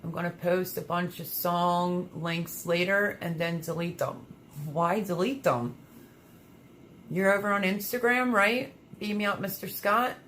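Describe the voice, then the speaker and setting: A woman's voice: lowish voice, fairly even intonation, unhurried, fairly bright tone, a little hiss or hum. A woman hosting a casual gardening livestream, chatting and reading viewer comments aloud with lots of fillers. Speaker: livestream host reading chat.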